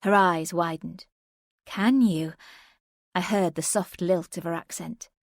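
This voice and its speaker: A woman narrating a first-person thriller audiobook in a measured, tense way on a close studio mic. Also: lowish voice, fairly even intonation, creaky, no echo.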